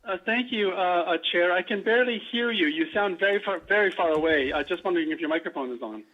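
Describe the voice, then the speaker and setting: High, quick man on a muffled call line. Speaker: councillor calling in. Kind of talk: formal meeting procedure.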